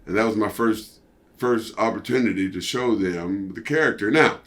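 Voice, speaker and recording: An older man, a former wrestler, telling a story as an interview guest in a casual, animated way and acting out what others said. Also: on the low side, moderate pace. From United States. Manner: animated, acts out quoted voices.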